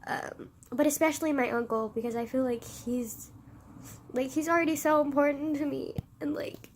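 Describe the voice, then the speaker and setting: A woman's voice: sits high, steady tone, moderate pace, slight background noise. A woman vlogger talking in an emotional confessional, teary and laughing through tears, rambling with constant fillers.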